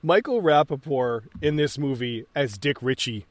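In this casual movie commentary, another male podcast co-host swears without restraint and laughs a lot. His mid-range voice is expressive and moves at a moderate pace, captured in a dry recording.

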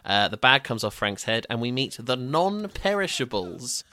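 A man's voice: medium pitch, big pitch swings, normal speed, bright, forceful tone, no echo. A man co-hosting a casual film review podcast, rambling and laughing as he recaps scenes. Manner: laughing, rambling, self-correcting. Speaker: podcast co-host.

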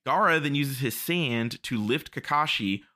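A man co-hosts a podcast and recaps anime episodes in loose, animated chat. His voice is bright. He swears freely and laughs as he talks. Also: mid-range voice, measured pace. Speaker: podcast co-host.

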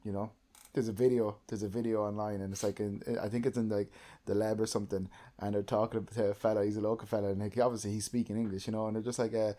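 A young man co-hosting a podcast in casual chat, rambling with lots of fillers and getting animated. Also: fairly low pitch, fast. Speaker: podcast co-host.

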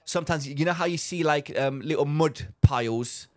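A man's voice: fairly high pitch, normal speed. Rambling man telling a story. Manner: rambling storyteller, acts out quotes, laughs often. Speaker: podcast co-host. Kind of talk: casual chat.

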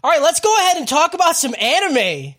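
A man's voice: very high-pitched, very animated, a little fast, a bit bright. Male podcast host, thirties, from the US, crude joking banter, laughs a lot. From United States. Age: 30s. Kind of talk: casual podcast chat.

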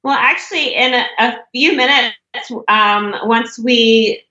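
Bright-voiced woman on echoey call. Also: a little high, slow. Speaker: interview guest. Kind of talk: casual interview chat. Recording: echoey, muffled remote call audio.

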